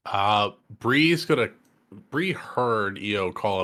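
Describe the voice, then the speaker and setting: A man's voice: on the low side, measured pace, a bit bright. A man playing a tabletop game, describing what his character does. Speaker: player. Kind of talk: casual tabletop game play.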